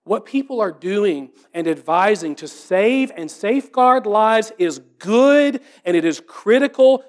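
A man preaching a sermon as pastor, earnest and rhetorical, asking repeated questions and dropping to a hushed voice. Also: sits high.

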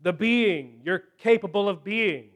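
Slow, high-voiced male preacher. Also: animated, a bit bright. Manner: slow, emphatic preaching with dramatic pauses. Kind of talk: sermon.

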